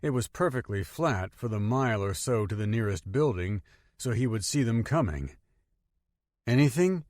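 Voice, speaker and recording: A man narrating a thriller audiobook in an even, measured way. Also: fairly low pitch, dry recording, studio quality. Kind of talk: scripted narration.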